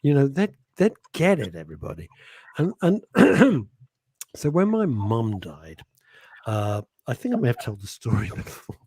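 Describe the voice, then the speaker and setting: Husky guy on radio telling a funny story, voice jumps all over, dry studio sound. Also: medium pitch, measured pace, no room sound. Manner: animated, laughing storyteller. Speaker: radio presenter. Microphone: studio microphone.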